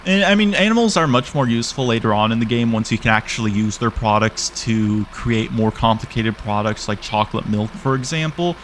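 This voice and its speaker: A man's voice: mid-range voice, a little fast, hardly any pauses, a bit bright, a little hiss or hum. A young man giving casual, chatty commentary over a farming game, playfully exasperated and talking to the animals on screen. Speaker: gaming YouTuber.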